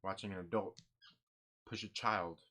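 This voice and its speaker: A man's voice: deep voice, fairly even intonation, normal speed, bright, forceful tone. A man hosting a comic book channel, chatting casually and answering viewer comments in an upbeat, rambling way with lots of fillers.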